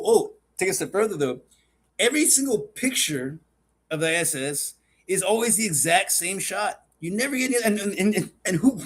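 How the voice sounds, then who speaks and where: A man's voice: sits high, breathy edge. A man co-hosting a casual podcast, rambling with stammered restarts, swearing and getting worked up. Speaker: podcast co-host. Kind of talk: casual profane podcast chat.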